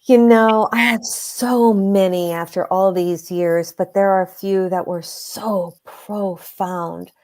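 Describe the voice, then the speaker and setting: Woman, energy healer guest, warm mellow tone, earnest, emphatic, storytelling. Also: medium pitch, steady tone. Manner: earnest, emphatic, slows down to stress points. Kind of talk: conversational storytelling.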